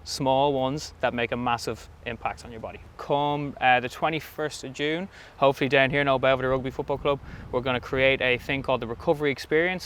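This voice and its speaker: A man's voice: mid-range voice, a bit bright, clear, resonant tone. A man with an Irish accent, a sauna business owner and guest, chatting enthusiastically with frequent fillers outdoors at a rugby club. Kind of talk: casual interview chat.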